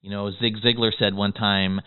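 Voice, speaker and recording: Fast-talking man teaching over tinny audio. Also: fairly low pitch, clear, resonant tone. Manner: fast-talking, excitable, peppers lines with "okay?". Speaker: business course instructor. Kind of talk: motivational course lecture.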